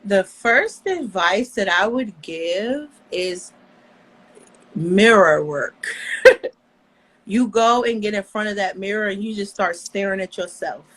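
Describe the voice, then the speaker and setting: Woman guest, casual chat, confident and lively delivery. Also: medium pitch, slow pace, low-quality recording. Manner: animated, confident, conversational.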